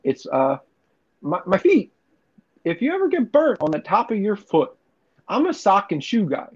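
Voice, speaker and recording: A man's voice: high-pitched, huge pitch swings, moderate pace, a little mellow, husky. A young man telling profane, rambling stories in casual podcast chat. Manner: rambling, profane storytelling with laughs. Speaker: podcast co-host. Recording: dull lo-fi recording.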